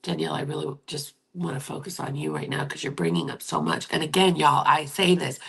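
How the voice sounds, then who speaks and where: Woman, 50s, live-stream host; gravelly, husky delivery, gentle and encouraging, often near a whisper. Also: low voice, animated, brisk. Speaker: livestream host. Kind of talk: live-stream chat reading viewer comments.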